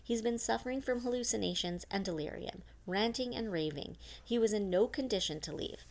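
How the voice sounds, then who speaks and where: A woman's voice: medium pitch, brisk, creaky, darkish tone, voice pushed up, close to an everyday voice. A woman reading the lines of a stern female camp warden who defends herself coolly. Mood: insistent. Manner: cool, self-justifying, lying.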